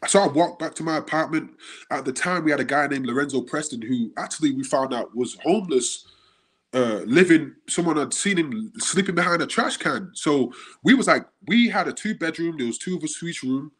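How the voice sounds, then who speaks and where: A man from the UK, a guest on the show, telling animated stories in casual chat and acting out the quotes. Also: on the high side, fairly quick, husky. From United Kingdom. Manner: animated storyteller, acts out quotes.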